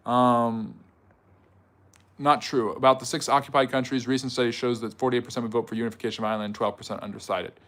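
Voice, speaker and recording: A man's voice: medium pitch, flat delivery, fairly bright tone. Chatty man giving a livestream history lecture. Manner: conversational, quick rebuttals with frequent fillers and restarts. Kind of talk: livestream lecture answering chat.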